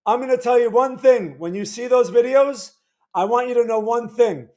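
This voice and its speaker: A man's voice: extremely high pitch, unhurried. A man hosting a livestream, chatting casually with viewers in a worn, weak voice, rambling and stammering over his words. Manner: rambling, stammering, repeats words, greets chat viewers loudly. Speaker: livestream host.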